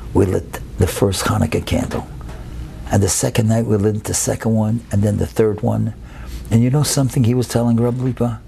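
A man telling a story expressively, building slowly and dropping to a whisper at times. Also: on the low side, gravelly, warm tone, a little hiss or hum. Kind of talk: told personal-style story.

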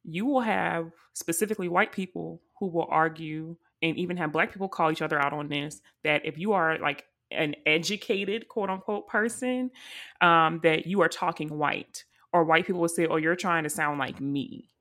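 A woman's voice: lowish voice, fairly bright tone. A woman co-hosting a casual group chat, thoughtful, laughing and stretching words for emphasis. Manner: reflective, laughing, drawn-out emphasis. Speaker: podcast co-host.

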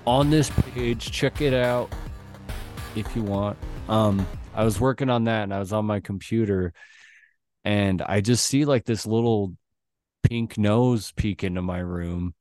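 A young man hosts a casual podcast in a low, smooth, clear voice. He rambles through stories with plenty of fillers and laughter. The sound is dry and close. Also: measured pace, a little mellow, dry recording, soft background music. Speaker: podcast host. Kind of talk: casual chat.

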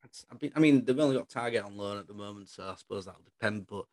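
A man's voice: fairly low pitch, quick pace, a little mellow. A man co-hosting a football podcast, chatting casually in a rambling, opinionated way.

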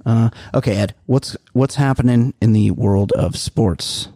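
A man's voice: medium pitch, measured pace, dark tone, a little hiss or hum. A man co-hosting a comedy podcast, swearing a lot and rambling through stories. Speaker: podcast co-host. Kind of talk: casual comedy podcast banter.

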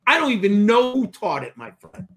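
A middle-aged man with a high, bright, sharp voice, speaking with emphatic conviction in casual chat. He tells his stories like lessons and hammers his points home. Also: huge pitch swings, normal speed. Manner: emphatic, preachy storyteller with repeated punchlines. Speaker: podcast co-host.

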